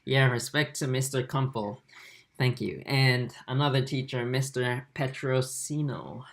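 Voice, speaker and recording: A young man with an Australian-tinged accent, hosting a casual livestream and answering viewer comments in a relaxed way, with lots of fillers and restarts, recorded on a laptop mic. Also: mid-range voice, measured pace, gravelly. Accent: Australian-tinged English. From Japan and Singapore. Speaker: aquarium channel host.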